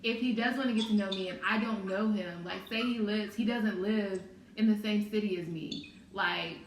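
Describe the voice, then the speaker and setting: A woman's voice: mid-range voice, moderate pace. A woman speaking bluntly and with strong opinions in a casual conversation. She sits a little away from the microphone, so her voice sounds roomy, with faint noise in the background. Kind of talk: casual chat. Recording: echoey room, a bit far from the mic.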